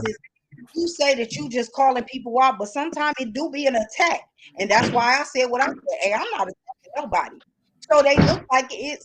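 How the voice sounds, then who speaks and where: A woman's voice: high voice, rough recording. A woman hosting a live podcast, talking in a blunt, emphatic way and repeating herself to hold the floor. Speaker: podcast host. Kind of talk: heated casual talk on a live call-in podcast.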